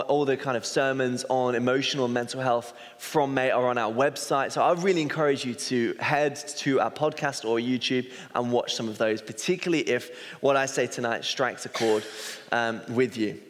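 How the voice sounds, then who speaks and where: A man in his thirties, an associate pastor, telling a personal story in a chatty sermon and often correcting himself mid-sentence. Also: mid-range voice. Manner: chatty, self-correcting, anecdotal. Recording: long hall reverb.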